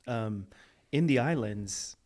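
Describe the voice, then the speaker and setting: A man who is a guest and a political candidate, giving calm, earnest interview answers. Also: mid-range voice, slow. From Tongan family, raised in Utah.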